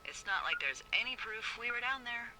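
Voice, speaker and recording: An actress playing a sharp-tongued, teasing middle-aged woman who supervises fire lookouts, in video game voice acting over game music. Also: fairly high pitch, expressive, brisk, heavy background noise, close to an everyday voice. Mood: tipsy. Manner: wisecracking, teasing.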